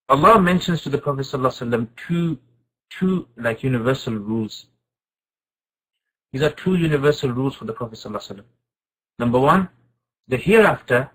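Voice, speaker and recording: A man teaching an informal Quran class, asking his students questions and reciting Arabic verses quickly. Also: mid-range voice, slightly rough, rough recording. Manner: lively, asks the class questions and answers them.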